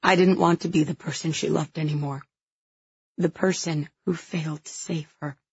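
A woman voicing a grieving young woman, hoarse and halting as she confesses through tears, in an audiobook. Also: deep voice, fairly even intonation, dry recording, dull audio, exaggerated voice. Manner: halting, choked with grief. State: hoarse, tearful.

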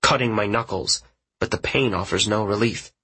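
A man narrating a first-person story in an audiobook, in a quiet, measured way. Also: on the low side, slightly rough, rough recording.

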